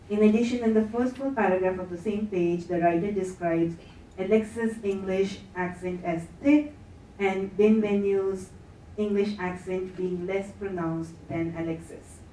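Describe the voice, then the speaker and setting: A woman giving a measured academic lecture as a conference plenary speaker. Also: mid-range voice, mellow, recorded from a distance, a little hiss or hum. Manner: measured, reads quotes aloud. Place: conference hall. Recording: echoey hall, speaker heard from afar.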